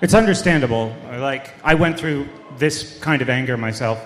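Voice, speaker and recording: Deadpan male storyteller in an echoey hall. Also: mid-range voice. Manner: deadpan storytelling, many fillers and trailing pauses. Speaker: podcast host and guest. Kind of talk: mock-serious comedic storytelling. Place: live event hall. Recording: echoey hall with long reverb.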